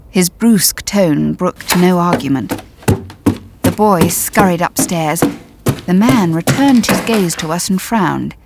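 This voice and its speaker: A woman narrating a story in the first person, measured and tense. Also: on the low side, a little mellow, a little hiss or hum. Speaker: audiobook narrator.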